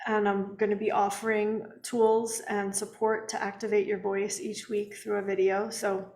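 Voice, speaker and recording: A woman of middle pitch co-hosts a spiritual livestream from home, recorded in an echoey room. She speaks in an earnest, gentle way with soft laughs, and she sounds tired. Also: little pitch movement, normal speed. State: tired, yawning. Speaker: co-host. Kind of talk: casual spiritual chat on a livestream.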